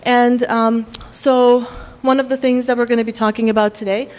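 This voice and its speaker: A woman with a faint Russian accent presents a workshop to faculty, explaining at a measured pace with frequent ums. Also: a little high, flat delivery, darkish tone. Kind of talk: lecture to faculty.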